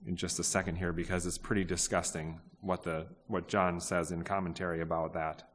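Deep-voiced and a bit bright, a pastor preaches fairly quickly in a level tone, asking the congregation questions and restarting sentences often in a conversational style. There's slight background noise and the long reverb of a large hall.

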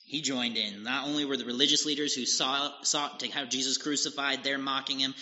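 A man preaching a sermon, slowly retelling a scripture passage and explaining it, in a deliberate manner. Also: medium pitch, sharp tone. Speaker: pastor. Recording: dull lo-fi audio with long hall reverb.

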